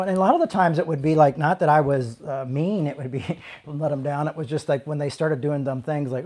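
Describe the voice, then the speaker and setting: A man, a pastor, talking candidly and conversationally, often trailing into "you know" and restarting his sentences, moving between quiet reflection and sudden raised emphasis. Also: fairly high pitch, steady tone, fast. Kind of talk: candid personal talk.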